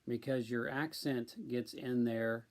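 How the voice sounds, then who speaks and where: Male streamer, deliberate unhurried delivery, filler-heavy casual chat. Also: medium pitch, steady tone. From central Illinois, USA. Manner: slow, deliberate, with many ums. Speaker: live stream host.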